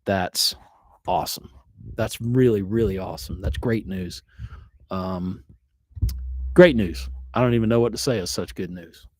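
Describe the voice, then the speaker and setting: A man's voice: low-pitched, measured pace, long pauses, darkish tone, no echo. Rambling middle-aged man hosting a live stream. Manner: rambling, easygoing, often trails off with fillers. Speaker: host of a live music stream. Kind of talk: casual live-stream chat. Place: home recording studio.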